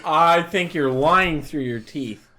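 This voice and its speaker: A man's voice: a little high, slow, pushed and bright. A man co-hosting a podcast in casual chat, talking in crude, ranting bursts. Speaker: podcast co-host.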